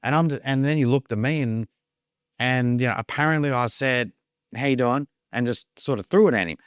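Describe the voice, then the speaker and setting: A man's voice: medium pitch, fairly quick, clean tone, no room sound. A man telling his own story in casual talk, rambling, repeating words and acting out the lines of others. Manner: rambling, repeats words, acts out quoted dialogue. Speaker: podcast guest.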